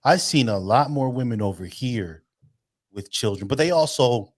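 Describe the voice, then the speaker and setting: A man in his thirties talks at a mid pitch, blunt and full of swearing. He rambles through stories in loose, casual podcast chat. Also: animated, normal speed. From United States. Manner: profane, blunt storyteller. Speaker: podcast co-host.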